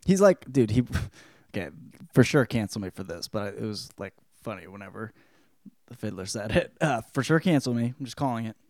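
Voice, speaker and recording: A man's voice: on the low side, expressive, fairly quick, darkish tone, no room sound, clean studio sound. A man hosting a podcast, giving a casual spoken book report in a rambling, joking way with lots of swearing. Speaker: podcast host.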